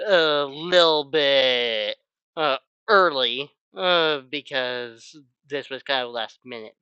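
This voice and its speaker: A podcast host interviewing a guest live, speaking hesitantly with many pauses and filler sounds. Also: medium pitch, clean tone, dry recording. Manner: slow, hesitant with many "uh"s, warm laughter. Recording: dull, lo-fi sound.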